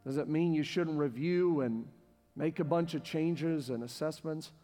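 A man preaching a sermon as pastor to a congregation in a church, passionate and repetitive, building to near-shouting. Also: a little high, unhurried. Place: church sanctuary with live congregation. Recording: long hall reverb with faint music.

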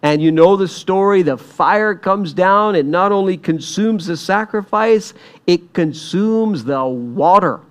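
A man's voice: a little slow, clear, resonant tone. A man preaching a sermon, retelling a scripture story and acting out the quoted lines with rising emphasis. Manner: animated, acts out quoted lines with rising pitch and volume.

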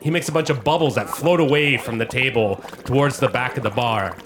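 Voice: mid-range voice, fairly quick, music in the background. Laid-back game master narrating. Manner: casual, laughing, filler-heavy narration.

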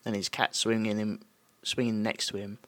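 A man's voice: fairly low pitch, level tone, normal speed, fairly bright tone, dry recording. A man co-hosting a podcast in casual chat, making wry, joking asides. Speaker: podcast co-host.

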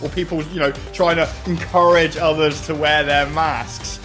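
Quick, chatty male radio segment host. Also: a little high, flat delivery, a bit bright, faint music behind. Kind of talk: casual radio chat.

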